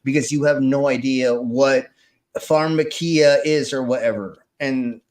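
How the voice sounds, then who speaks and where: A man's voice: medium pitch, a little slow. A man hosting a casual live stream, rambling and swearing as he tells stories. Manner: profane, rambling, animated storytelling. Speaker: host.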